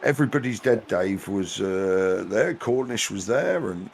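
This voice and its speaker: A man's voice: fairly low pitch, lively intonation, measured pace, creaky, slight background noise. A man co-casting a video game live, bantering and joking with exclamations. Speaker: game co-caster. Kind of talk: casual live game commentary.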